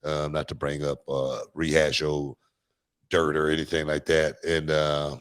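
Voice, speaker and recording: A man's voice: very deep voice, monotone, a little slow, fairly bright tone, clear, resonant tone. A man, hosting a casual chat and telling rambling stories full of restarts and fillers. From Houston, Texas. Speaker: podcast host.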